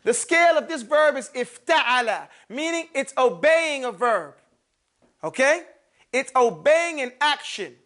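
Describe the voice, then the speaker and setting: With an extremely high, bright and forceful voice, a man teaches grammar at the board, animated but at a measured pace. He repeats words and keeps asking students "okay?" and "you follow me?" to confirm they're following.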